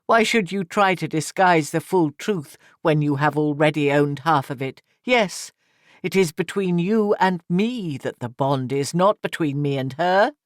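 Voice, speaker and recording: A man's voice: on the high side, measured pace, dry recording, studio quality, close to an everyday voice. A man reading an audiobook and voicing an intense, earnest young man who speaks emphatically. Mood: passionate. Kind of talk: audiobook character voice.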